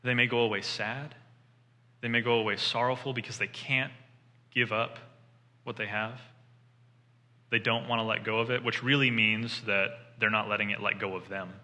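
A man delivers a sermon to a room of listeners, retelling a scripture story and slipping into the voices of the people in it. His voice is bright and forceful, and it rings out with the long reverb of a big hall. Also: on the low side, moderate pace, long pauses. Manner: animated storytelling, voices quoted figures. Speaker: preacher.

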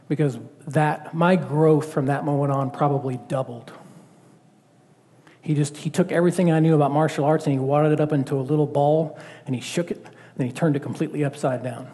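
Mellow-voiced preacher in a reverberant hall. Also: male voice, a little high. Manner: conversational, animated, full of rhetorical questions. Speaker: pastor. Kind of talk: sermon. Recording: long reverb of a church hall.

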